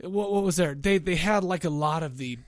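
A middle-aged man co-hosting a podcast in casual chat, rambling and excitable, often restarting his sentences. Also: high-pitched, moderate pace, no room sound, clean studio sound. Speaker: podcast co-host.

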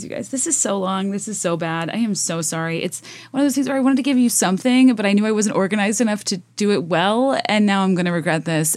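A woman's voice: mid-range voice, dry recording. Chatty self-mocking woman podcaster. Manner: chatty, self-mocking, many fillers and restarts. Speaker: podcast host. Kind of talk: casual solo podcast rambling.

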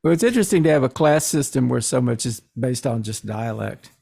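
A man's voice: mid-range voice, lively intonation, a little fast, vocal fry, mellow, husky. A man with a Texas accent co-hosting an interview, asking curious questions. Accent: Texan. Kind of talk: casual interview chat.

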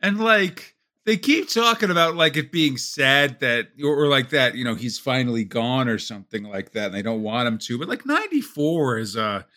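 A man's voice: medium pitch, very animated, normal speed, hardly any pauses, sharp tone. Wry, laid-back male podcast co-host. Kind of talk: casual comic-review chat.

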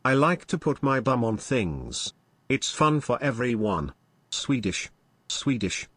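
A man's voice: mid-range voice, very animated, takes it slowly, fairly bright tone, breathy edge, no room sound, studio quality. A man co-hosting a livestream who reads donation messages aloud. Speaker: co-host reading donations. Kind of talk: reading tip messages aloud.

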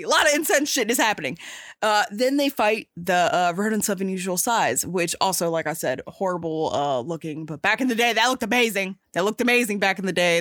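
A young woman retells a film in a lively, slangy way, laughing often and filling gaps with "uh" and "like." Her voice is bright and sharp. The recording is dry and close, with no room echo. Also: mid-range voice. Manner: animated, slangy, laughs often, many fillers. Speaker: movie fan recapping a film. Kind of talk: casual storytelling chat.

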